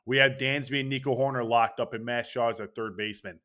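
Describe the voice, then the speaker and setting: A man's voice: medium pitch, fairly even intonation, fast talker, sharp tone. A young man hosting a casual sports opinion monologue, brash and profane, talking with hyped energy. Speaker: baseball channel host.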